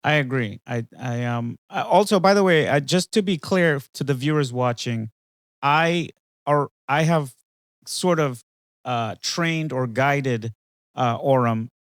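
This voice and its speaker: A man's voice: mid-range voice, unhurried, dry recording. A man hosting a casual talk with an AI companion, rambling and hesitant, with frequent fillers and restarts. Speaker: podcast host.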